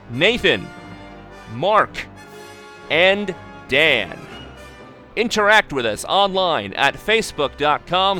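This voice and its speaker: A man reading a podcast's closing credits as a scripted announcement, in a steady, clear delivery. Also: on the high side.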